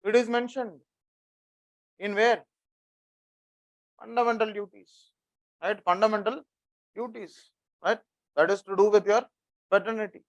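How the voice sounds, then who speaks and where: A man's voice: high voice, fairly even intonation, unhurried, pauses often. A man with an Indian English accent teaching a classroom lecture. He repeats key phrases for note-taking and quizzes his students.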